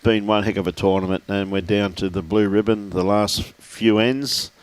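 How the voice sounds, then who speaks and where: Chatty low-voiced bowls commentator. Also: male voice, fairly even intonation, normal speed. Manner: chatty and jokey, reels off scores, banters with his co-host. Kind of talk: live sports commentary. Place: bowls club.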